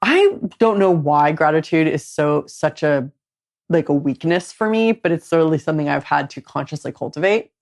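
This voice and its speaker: Woman podcast host, low voice, candid confessional storyteller. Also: animated, normal speed, a little mellow. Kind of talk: casual conversation.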